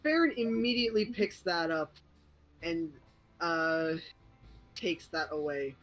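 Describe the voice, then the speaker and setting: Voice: mid-range voice, lively intonation, slow pace, fairly bright tone, faint music behind, rough recording. A player in a tabletop game, describing a character's actions in plain third person.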